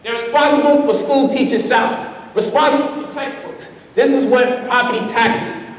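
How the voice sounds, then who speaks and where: A man teaching a live seminar to a room of people, lively and laughing, often putting questions to the audience. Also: extremely high pitch, moderate pace. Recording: distant echoey hall, faint noise.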